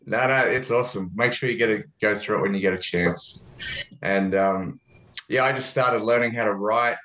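A man's voice: on the low side, moderate pace, a bit bright, roomy sound, highs cut off. A man with an Australian accent, a guest in a casual interview, talking in a joking, laid-back way and swearing casually. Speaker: guest, ad consultant.

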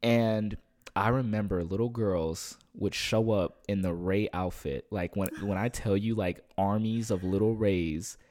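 A man with a fairly low voice talks casually on a podcast. His stories ramble, full of restarts and filler words, and he swears now and then. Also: unhurried. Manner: rambling, animated storytelling with many fillers and restarts. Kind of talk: casual chat.

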